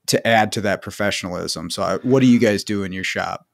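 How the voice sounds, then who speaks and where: A man's voice: fairly low pitch, a little fast, gravelly, no room sound, studio quality. A man who teaches automotive students and used to work as a technician, chatting earnestly on a podcast and telling self-deprecating stories. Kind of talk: casual chat.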